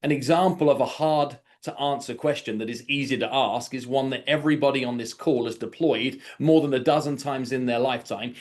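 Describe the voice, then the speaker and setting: A man coaching real estate agents on an online call, lively, acting out sample conversations in quoted voices. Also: mid-range voice. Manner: animated, acts out sample dialogues. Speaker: sales coach. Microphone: video call.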